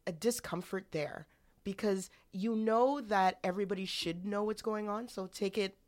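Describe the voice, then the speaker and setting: A woman's voice: mid-range voice, moderate pace, a little mellow. A woman co-hosting a podcast, telling a story in a rambling, candid way with many restarts. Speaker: podcast co-host. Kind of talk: casual podcast chat.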